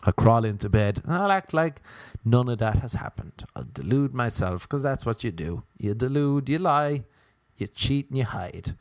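Animated Irish man doing stand-up. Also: normal speed, no echo. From Ireland. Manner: animated, jumping to high pitch when acting out others. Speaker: comedian. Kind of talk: stand-up comedy monologue.

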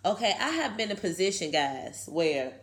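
A woman's voice: mid-range voice, big pitch swings, moderate pace. A woman, giving a casual, emphatic motivational talk to her viewers and tagging many lines with "okay". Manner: chatty, emphatic, keeps saying okay. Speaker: video host.

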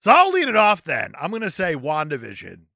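Male podcast host, bright tense voice, lively pitch, joking, dry sound. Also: a little fast, gravelly, no echo. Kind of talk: casual chat.

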